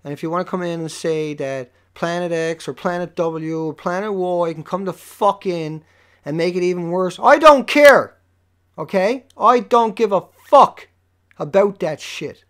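Furious and profane, a livestream host lays into viewers, his rant sliding from low grumbling up to outright yelling.

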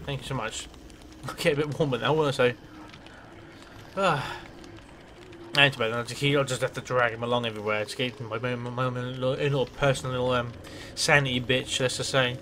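A man at a middle pitch rambles through casual let's play commentary. He swears freely and talks to himself as he goes. A steady hiss of noise sits under the recording.

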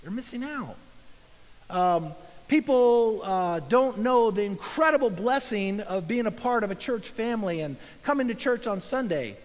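High-voiced preaching man, reverb. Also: expressive, measured pace. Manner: earnest, conversational preaching with acted asides. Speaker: pastor. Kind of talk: sermon.

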